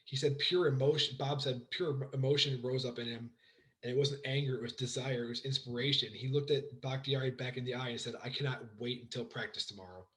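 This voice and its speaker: Excited man rambling about football. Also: medium pitch, a little fast, low-quality recording. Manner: excited, rambling, lots of fillers and restarts. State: hoarse from shouting. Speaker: podcast co-host. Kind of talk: casual sports chat.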